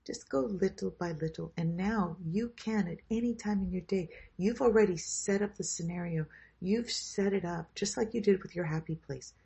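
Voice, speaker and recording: A woman leading a group workshop who guides a grounding meditation in a slow, soothing way and then invites comments. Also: fairly low pitch, creaky, mellow, slightly rough. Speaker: workshop leader. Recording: dull lo-fi sound.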